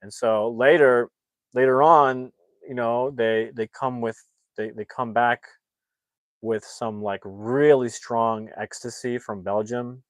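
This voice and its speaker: A man's voice: medium pitch, fairly even intonation, takes it slowly, no room sound. A man casually recapping a movie plot in a rambling way, full of fillers like "you know.". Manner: rambling, many fillers and restarts. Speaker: movie reviewer.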